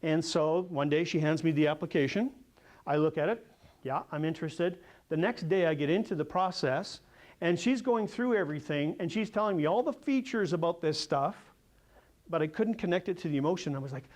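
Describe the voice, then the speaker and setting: A sales coach gives a seminar talk in a fairly high voice. He is energetic and animated, and he tells stories. He keeps drawing the audience in with questions. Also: a little fast. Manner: energetic, animated storyteller who quizzes the audience.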